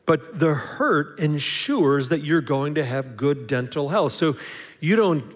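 A man preaching in a relaxed, chatty style, slipping into short acted exchanges and stumbling over restarts. His voice sits a little high for a man. A long, lingering reverb fills the large hall around him. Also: slow. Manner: conversational, acts out little dialogues, frequent restarts. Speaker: pastor. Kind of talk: sermon.

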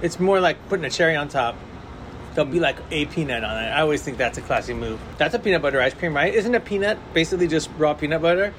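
A man's voice: a little high, expressive, fast talker, fairly bright tone, a little hiss or hum. A man casually chatting as a podcast co-host, playful and argumentative, laughing often. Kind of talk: casual chat.

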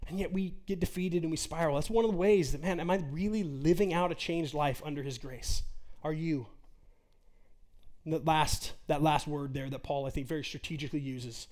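A man's voice: a little high, a little fast, a little mellow. A man in his forties preaching an earnest, conversational sermon as a pastor, full of rhetorical questions.

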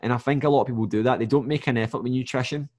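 A man's voice: mid-range voice, fairly even intonation, rapid-fire, darkish tone. A man, a fitness coach, giving advice in a rambling, conversational solo podcast monologue and often checking in with the listener. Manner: rambling and conversational, with frequent "do you know what I mean"; direct, motivational advice.

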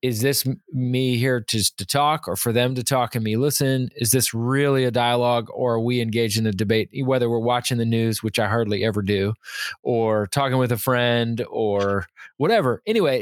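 A man co-hosting a podcast in casual chat, relaxed and chuckling as he thinks aloud with fillers. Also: mid-range voice, no room sound. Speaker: podcast co-host.

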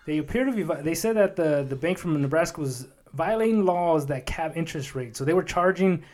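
A young man in his twenties, talking on a casual podcast chat. His voice sits a little high for a man, and he rambles, restarts his sentences and jokes along the way. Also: expressive, brisk, darkish tone. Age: 20s. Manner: rambling, jokey, full of fillers and restarts. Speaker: podcast co-host.

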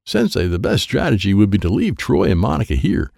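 A man voicing a smug, condescending boy karate student in a children's audiobook, sneering at slower players. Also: lowish voice, huge pitch swings, creaky, a little mellow, no room sound, clean studio sound, exaggerated voice. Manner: smirking, condescending.

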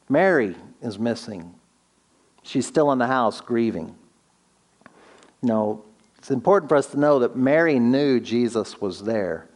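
Guy preaching a sermon, earnest, slows way down on the big words, mid pitch. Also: darkish tone. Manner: earnest, slows down for emphasis, asks rhetorical questions. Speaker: pastor.

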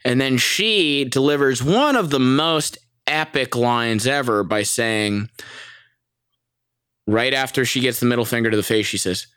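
A young American man tells a story to his viewers, animated and profane, breaking into laughter. His voice is smooth and resonant, at a middle pitch. The sound is dry and close. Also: a little slow, no room sound. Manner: animated, profane, laughs often, mimics people in high voices. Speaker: vlogger. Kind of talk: casual storytelling.

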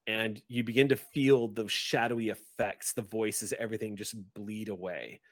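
A man's voice: lowish voice, steady tone, moderate pace, no room sound, studio quality. A man running a tabletop game, describing scenes and speaking to players, rambling with restarts. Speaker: game master.

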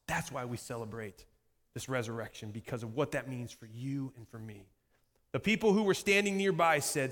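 A man in his thirties preaching a sermon as pastor, shifting from lively delivery to quiet, intense passages. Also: on the high side. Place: church sanctuary. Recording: long hall reverb.

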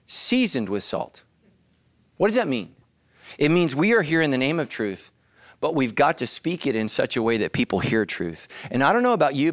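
Male pastor, lively swinging delivery, dry close sound, sermon with loud outbursts. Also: medium pitch, no echo. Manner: animated, bursts into loud acted shouts. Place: church.

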